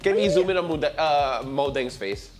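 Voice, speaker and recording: Male morning co-host, slightly higher voice, jokey, clear music under him. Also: lively intonation, moderate pace. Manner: jokey, wraps up the show. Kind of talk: casual chat. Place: TV studio.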